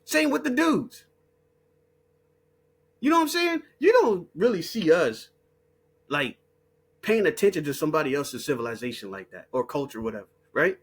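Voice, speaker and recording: Husky guy ranting on his channel, high voice that jumps all over, blunt and cussing. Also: big pitch swings, moderate pace, long pauses. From United States. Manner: heated and blunt, laughs between points, mocks others in put-on voices. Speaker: online commentator. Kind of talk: unscripted profane rant.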